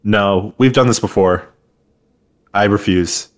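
A man's voice: on the low side, slow pace. A man in his twenties co-hosting a podcast, joking and sarcastic in casual banter. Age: 20s. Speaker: podcast co-host.

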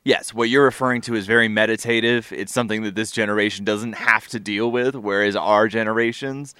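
A man co-hosting a casual talk show, making measured, analytical points. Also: fairly low pitch, steady tone, sharp tone, clean tone, no echo, studio quality. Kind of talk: casual chat.

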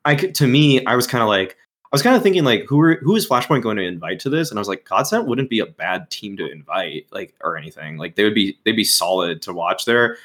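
A man's voice: on the low side, expressive, fast talker, a bit bright. A man hosting a casual esports talk show, rambling with lots of fillers and restarts. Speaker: podcast host.

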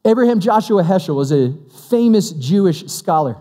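A man's voice: high voice, animated, normal speed, mellow. A man preaching a Christmas sermon, conversational and humorous, acting out the dialogue of the story he tells. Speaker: pastor. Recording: long hall reverb.

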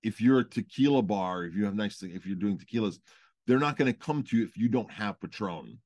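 A man with a fairly low voice talks shop on a podcast in a relaxed, chatty way. He leans on repetition to drive his points home. The sound is dry and close, with no room around it. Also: a little fast, dry recording. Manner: animated storytelling, repeats for emphasis. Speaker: podcast co-host, restaurant owner. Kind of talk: casual chat.

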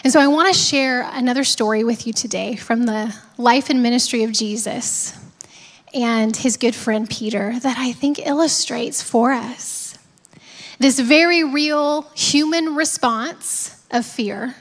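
A woman pastor delivers a reflective sermon in a high, light voice. She often sinks to a hushed whisper to stress a point. The sound carries a long reverberant tail, as in a large hall. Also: measured pace. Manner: reflective, drops to soft whispers for emphasis.

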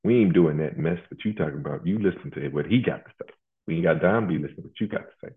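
A stern, impatient divine father, as a preacher voices him speaking low and blunt in a rapid, scolding rush. The sound is narrow and phone-like. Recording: tinny phone-like line.

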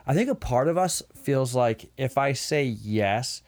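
A man's voice: mid-range voice, animated, measured pace, darkish tone. A man co-hosting a podcast in casual chat, speaking reflectively and leaning on "you know.". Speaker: podcast co-host.

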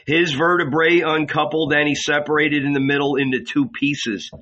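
A man narrates an audiobook in a measured, dramatic reading. His voice is bright and forward, and the recording sounds dull and lo-fi. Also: on the high side, little pitch movement. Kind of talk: scripted narration.

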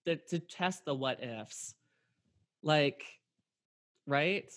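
A man's voice: a little high, drawn-out words, a bit bright. A man hosting a podcast, talking casually and rambling, with lots of "like" and re-enacted conversations. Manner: rambling, heavy on fillers and re-enacted dialogue. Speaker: podcast host. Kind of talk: casual chat.

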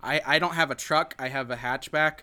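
A man's voice: a little high, fairly even intonation, a little fast, sharp tone. A man hosting a podcast, chatting casually in a rambling, joking way with many restarts. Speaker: podcast host. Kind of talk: casual chat.

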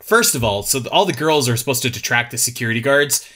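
A man co-hosting a podcast in casual chat, animated, swearing freely and laughing often. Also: medium pitch, fast. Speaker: podcast co-host.

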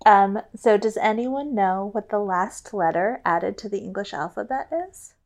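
A woman's voice: mid-range voice, unhurried, a little mellow. A woman co-hosting a podcast in casual chat, earnestly correcting and adding details. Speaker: podcast co-host.

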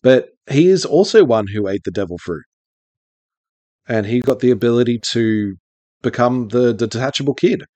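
A man's voice: mid-range voice, lively intonation, moderate pace, mellow, no room sound. A man co-hosting a podcast in casual chat, talkative, swearing freely and laughing often. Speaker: podcast co-host.

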